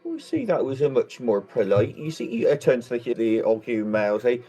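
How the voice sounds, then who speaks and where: A man playing a tabletop game, describing his character's actions in an animated way. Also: mid-range voice, moderate pace. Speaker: player.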